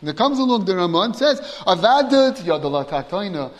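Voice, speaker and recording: Animated high-voiced man teaching a class. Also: brisk, long reverb tail. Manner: animated, acts out both sides of a deal, mixes in Hebrew and Yiddish terms. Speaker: Talmud teacher. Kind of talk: lively Talmud class lecture.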